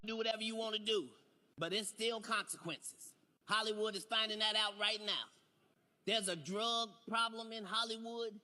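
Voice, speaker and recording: Man, stand-up comedian, very high voice, loud profane rant, echoey hall, noisy background. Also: fairly even intonation. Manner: loud, rapid, profane ranting delivery.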